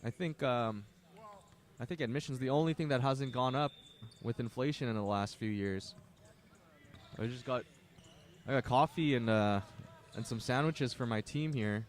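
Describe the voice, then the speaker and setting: A man's voice: medium pitch, normal speed, long pauses. A young Canadian man doing casual play-by-play commentary on a livestreamed basketball game, joking to viewers between plays. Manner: chatty, joking asides to viewers. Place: gym at a basketball tournament.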